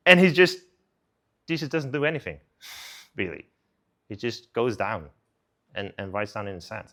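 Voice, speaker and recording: A young man preaching at a student service, telling the story in a casual, animated, conversational way. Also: on the high side, normal speed, long pauses. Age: young adult.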